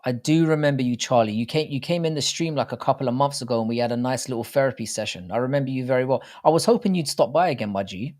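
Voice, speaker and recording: A man's voice: medium pitch, expressive, quick pace, few pauses, a little mellow. A man in his thirties hosting a livestream watchalong, talking to chat in a blunt, profane, rambling way. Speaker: livestream host. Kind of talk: casual livestream watchalong commentary.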